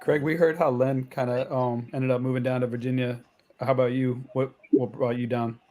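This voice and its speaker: A man's voice: medium pitch, level tone, moderate pace, darkish tone. A man hosting a casual podcast, chiming in with loose, laughing asides and questions.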